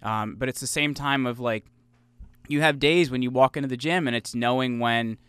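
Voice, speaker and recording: A man's voice: medium pitch, moderate pace, a bit bright, smooth, dry recording. A man hosting a podcast, chatting loosely about his own experience with many fillers. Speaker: podcast host. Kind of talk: conversational interview.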